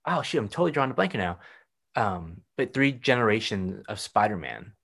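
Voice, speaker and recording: A man with a lowish voice whose pitch swings widely as he talks. He rambles in casual chat, losing his thread and searching for words. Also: big pitch swings, a little fast, creaky, a bit bright, slightly rough.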